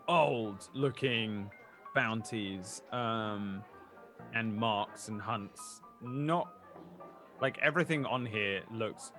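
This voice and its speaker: A man's voice: medium pitch, a bit bright. A man narrating a tabletop game as game master, describing scenes playfully.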